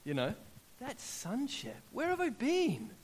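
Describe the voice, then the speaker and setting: A man, preaching a sermon in an animated, storytelling way, acting out his own prayers as he goes. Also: very high-pitched, a little slow, slight background noise.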